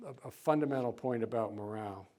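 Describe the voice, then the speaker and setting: Man lecturing, relaxed and conversational. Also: mid-range voice, fast. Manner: conversational, with fillers and small chuckles, reads quotes with lifted voice. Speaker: author giving a museum lecture. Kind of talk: public lecture with read-aloud passages. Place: lecture hall.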